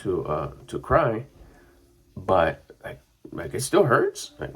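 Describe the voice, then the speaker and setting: A man's voice: sits low, very animated, moderate pace, husky. A middle-aged man, a mindset coach, talking in a rambling, casual monologue full of fillers. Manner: rambling and conversational, with frequent fillers.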